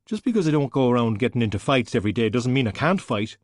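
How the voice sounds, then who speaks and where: A man's voice: medium pitch, sing-song, fast, no room sound, clean studio sound, lightly acted. A man voicing a nervous, insecure young man who sounds defensive and a little whiny.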